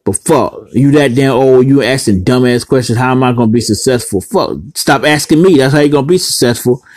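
A man's voice: medium pitch, a little fast, darkish tone, no echo. A man in a rambling, profanity-heavy vlog rant, blunt and scattered, with casual dialect grammar. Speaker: vlogger.

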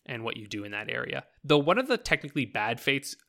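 A man's voice: medium pitch, big pitch swings, fast talker, creaky, bright, forceful tone. A young man from Canada casually chatting about video games, rambling, swearing freely and slipping into mock voices.

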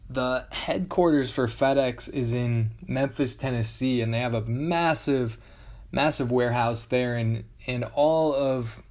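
Male podcast host, mid-pitched, conversational storyteller who repeats key words for emphasis.

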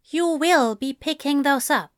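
A woman's voice: high-pitched, big pitch swings, moderate pace, no room sound, clean studio sound, voice pushed up. A woman voicing a prim, stern male angel who chides in a fussy way. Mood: chiding. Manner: chiding, fussy.

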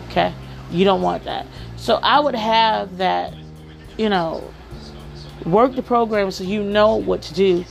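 A woman's voice: mid-range voice, vocal fry. A woman hosting a podcast, giving work advice in a casual monologue, often checking in with "okay?" and "right?".

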